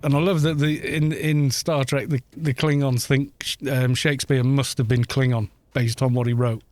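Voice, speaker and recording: A man's voice: medium pitch, steady tone, normal speed, a little mellow, soft background music. A man from Wales chatting casually on a gaming live stream, rambling, laughing often and swearing at the game.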